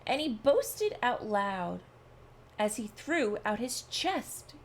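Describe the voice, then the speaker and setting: A woman reading a rhyming picture book aloud for listeners, in a sing-song storyteller manner. Her voice is fairly high and very lively in pitch, and she reads at a very slow, deliberate pace. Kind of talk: read-aloud storybook narration.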